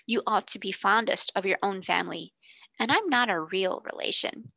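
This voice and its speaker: A woman voicing a kind, gentle young girl who speaks softly and earnestly, often near a whisper. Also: medium pitch, moderate pace, vocal fry, dry recording. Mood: tender.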